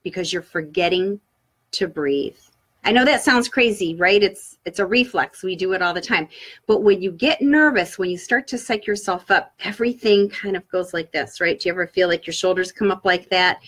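Husky-voiced woman giving upbeat speaking tips. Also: on the low side, normal speed, fairly bright tone. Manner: upbeat, coaching, talks straight to viewers. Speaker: public speaking guest expert. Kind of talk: live online tips session.

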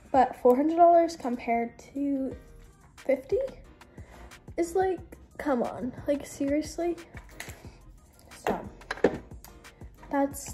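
A young woman talks to her viewers in a rambling, unhurried way, filling her sentences with "like." Her voice sits high, with a soft, mellow tone and no bright edge. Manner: chatty and rambling, heavy use of "like". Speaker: vlogger. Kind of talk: casual get-ready-with-me chat.

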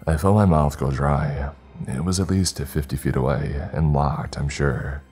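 Over faint background music, a man reads a scripted horror tale in an extremely deep, dark, mellow voice. He keeps a steady tone, pacing the story in a measured, dramatic way.

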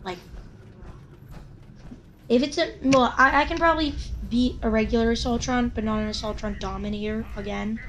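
A woman's voice: on the high side, steady tone, normal speed, long pauses, noisy background. A woman hosting a gaming channel, chattering to herself during gameplay commentary, jittery, panicky and playful. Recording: game gunfire loud under voice. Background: game gunfire and ambience.

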